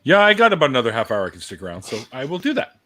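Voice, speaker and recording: A man's voice: medium pitch, huge pitch swings, very fast, sharp tone. A man hosting a casual livestream chat, loose and swearing now and then. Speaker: host.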